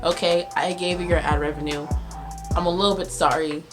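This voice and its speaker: A woman, recapping a movie on her channel in a sarcastic, animated way. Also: on the low side, fairly quick, over music. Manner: sarcastic, animated, laughs at her own jokes. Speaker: video host reviewing a movie. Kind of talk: casual comedic movie recap.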